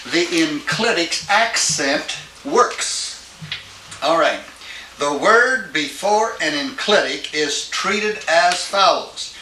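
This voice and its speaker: Slow, bright-voiced male lecturer, echoey room. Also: on the high side, slight background noise. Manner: explains step by step, asks checking questions. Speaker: Greek teacher. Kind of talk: classroom lecture. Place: classroom. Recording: echoey classroom from a distance.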